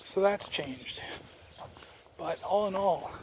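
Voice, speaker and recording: A man's voice: high voice, slow, a little hiss or hum. A man from New Jersey talking to his camera as he walks outdoors, rambling with many fillers and restarts. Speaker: vlogger. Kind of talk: walking vlog talking to camera. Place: outdoors on a walk. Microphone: handheld camera while walking.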